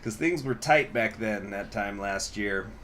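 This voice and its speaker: A man's voice: lowish voice, a little slow, a bit bright, slight background noise. A man hosting a gaming channel, telling rambling stories in casual commentary while he plays. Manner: rambling, chatty storytelling, reading chat. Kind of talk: casual commentary over strategy gameplay.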